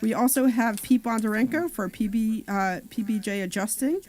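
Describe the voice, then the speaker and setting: A woman's voice: fairly high pitch, moderate pace, a little mellow. A woman co-hosting a talk radio show, chatting and reading sponsor numbers and websites. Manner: chatty, reads out sponsor details. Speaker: radio co-host.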